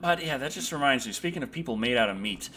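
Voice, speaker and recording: A young man hosting a casual livestream chat, excitable and tripping over his words with many restarts. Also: medium pitch, fast, a loud crowd. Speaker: show host.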